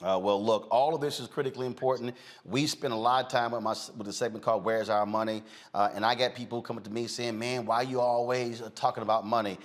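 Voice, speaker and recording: A man's voice: lowish voice, fast talker, hardly any pauses. Blunt, combative male talk show host. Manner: blunt, combative, animated rants with filler "uh". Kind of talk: outspoken talk show commentary.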